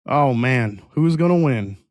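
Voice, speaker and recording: A man's voice: mid-range voice, lively intonation, unhurried, darkish tone, dry recording, clean studio sound. A man hosting a whiskey review livestream in a casual, rambling way, often restarting sentences and answering chat.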